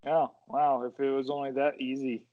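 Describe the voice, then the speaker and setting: A man's voice: medium pitch, level tone, normal speed, dry recording, highs cut off. A man joining a podcast in casual chat with dry, wry remarks. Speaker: podcast co-host.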